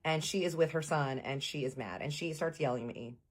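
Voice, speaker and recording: Woman vlogger, casual storytime, low voice, husky, animated, swears, talks to viewers. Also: fairly quick.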